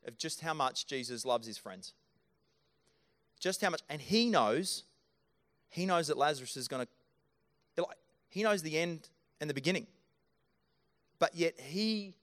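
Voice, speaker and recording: A man's voice: on the high side, a bit bright. A man preaching a sermon into a handheld microphone in a church, talking earnestly and directly to his congregation. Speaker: pastor. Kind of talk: sermon with live scripture staging. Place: church auditorium.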